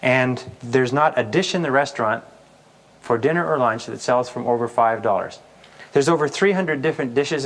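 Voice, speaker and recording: A man giving a sales seminar, telling stories and acting out the customer's answers with amusement. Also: medium pitch. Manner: storytelling, acts out customer voices. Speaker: sales trainer. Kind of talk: recorded sales seminar talk.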